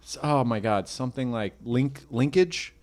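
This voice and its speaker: Comedian dude rambling on a podcast, casual storytelling. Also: male voice, medium pitch, animated, moderate pace. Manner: rambling storyteller, playful voices. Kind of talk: casual chat.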